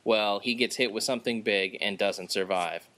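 A man with a fairly low voice chats casually on a podcast. He rambles, swears freely and leans on fillers. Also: moderate pace, a bit bright, no echo. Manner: rambling, profane, filler-heavy. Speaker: podcast co-host. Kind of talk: casual chat.

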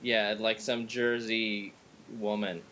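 Podcast host, male, lowish voice, rambling casual chatter, faint rumble underneath. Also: little pitch movement, pushed and bright. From Southern California. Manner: rambling, halting with many restarts. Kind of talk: casual chat.

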